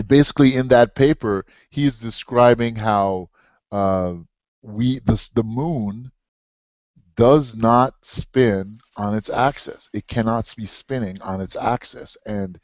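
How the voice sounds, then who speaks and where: A man's voice: mid-range voice, slow, no echo. A man in a casual conversation, telling stories eagerly. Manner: eager storyteller, animated. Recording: dull lo-fi audio, dry.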